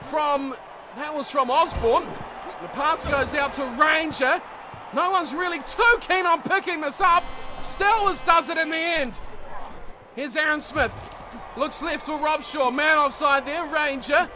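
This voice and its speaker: A man giving rugby play-by-play commentary for a video game. He surges into shouts on big plays and settles down when he breaks them down. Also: very high-pitched, a little slow, a little hiss or hum. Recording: game commentary over loud music.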